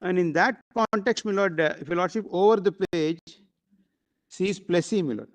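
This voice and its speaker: High-voiced Indian advocate addressing the bench. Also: male voice. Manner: addresses the bench as "my lord" constantly, with halting fillers. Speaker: advocate arguing before the court. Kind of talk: formal courtroom argument. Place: courtroom.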